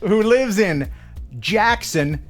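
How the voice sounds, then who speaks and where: A man's voice: high-pitched, expressive, slow, faint music behind. A man hosting a live stream, chatting casually and joking, often laughing. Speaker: host.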